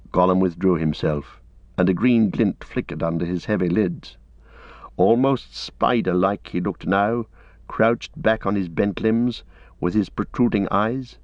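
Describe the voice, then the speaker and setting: Low-voiced man reading a story aloud. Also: no echo. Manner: measured, storytelling. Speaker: audiobook narrator. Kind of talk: scripted narration. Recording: dull lo-fi recording.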